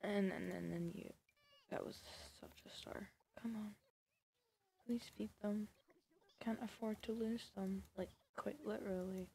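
A woman's voice: medium pitch, steady tone, measured pace, vocal fry, mellow, slight background noise. A woman giving casual, sarcastic commentary over a life-sim game, scolding the characters and often dropping to a whisper. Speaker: gaming video creator.

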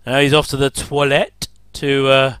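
A man's voice: medium pitch, monotone, normal speed, fairly bright tone, smooth, no room sound. A man giving a casual, rambling commentary over an old TV episode, with frequent chuckling asides.

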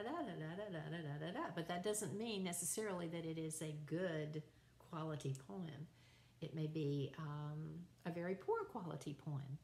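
A woman teacher giving a recorded online lecture, explaining terms in a relaxed, conversational way with fillers and restarts. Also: low voice, roomy sound. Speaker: college writing teacher.

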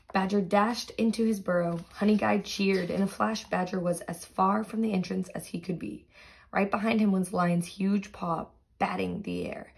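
A woman teacher reading a storybook aloud with lively sound words, then going through quiz questions for her students. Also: medium pitch, creaky, a little hiss or hum.

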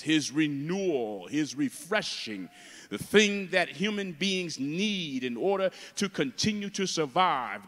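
Fervent preacher man in a reverberant sanctuary. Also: fairly high pitch. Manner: builds from calm teaching to loud fervent preaching. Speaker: guest preacher. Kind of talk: preaching a sermon. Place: large church.

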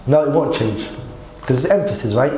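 A man's voice: mid-range voice, expressive, normal speed, mellow, reverberant, faint music behind, low-quality recording. A man teaching Arabic grammar in an online lesson, quizzing his students and mixing Arabic quotes with English.

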